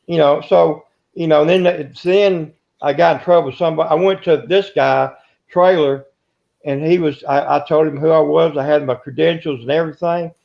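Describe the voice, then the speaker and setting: An older man in an interview, telling rambling stories in a gruff, self-interrupting way. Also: on the high side, steady tone, normal speed. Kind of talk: casual storytelling. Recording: dull lo-fi recording.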